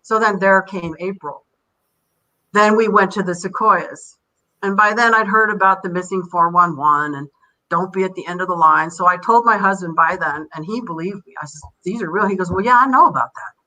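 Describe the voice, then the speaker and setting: An older woman tells her stories in a bright, forward voice. She rambles from one thing to the next and acts out the people she quotes. She talks as a guest on a casual podcast. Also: on the low side, moderate pace, low-quality recording. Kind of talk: casual interview storytelling.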